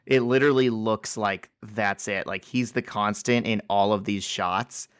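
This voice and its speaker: A male podcast co-host with a somewhat low voice, chatting casually and reacting with relaxed enthusiasm. He is recorded close to the mic in a dry sound. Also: measured pace, clear, resonant tone, no echo.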